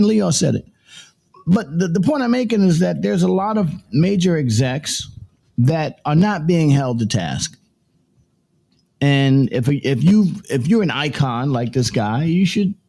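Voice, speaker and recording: A man's voice: fairly high pitch, animated, measured pace, creaky, mellow, slightly rough. A man hosting a morning livestream show, talking in a rambling, casual way and repeating himself as he works through his points.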